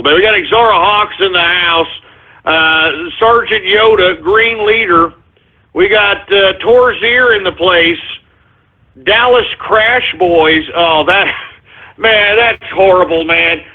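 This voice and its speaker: A man hosting a talk radio show, ranting in a profane, exasperated way and breaking into sudden shouts. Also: high voice. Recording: tinny phone-line sound.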